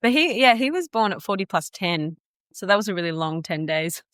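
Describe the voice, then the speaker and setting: A woman's voice: mid-range voice, very animated, a little fast, a bit bright, no echo, studio quality. A woman guest on a podcast, telling her story casually and animatedly, acting out quotes with laughter.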